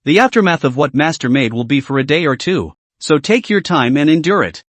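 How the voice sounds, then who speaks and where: A man voicing a gentle, composed eldest disciple. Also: on the high side, sing-song, fairly quick, dry recording. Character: calm, gentle young male eldest senior disciple.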